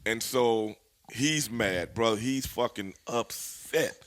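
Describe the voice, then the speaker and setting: A man, a former wrestler, telling stories as an interview guest in an animated, profane way, laughing as he goes. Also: medium pitch, measured pace. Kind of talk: storytelling in a shoot interview.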